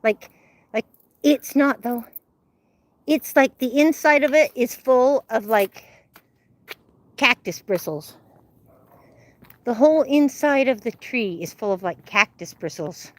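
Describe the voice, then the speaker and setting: Holding her phone as she walks outside at sunset, an older livestream host chats casually and rambles to her viewers. She speaks slowly and expressively in a fairly high voice, with long pauses, on a dry recording.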